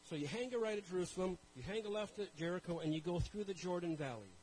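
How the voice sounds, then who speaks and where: A man's voice: high-pitched, lively intonation, quick pace, darkish tone, a little hiss or hum, poor audio. A man from Canada preaching a sermon and telling a personal story. He talks conversationally, with self-deprecating asides, and addresses the congregation directly.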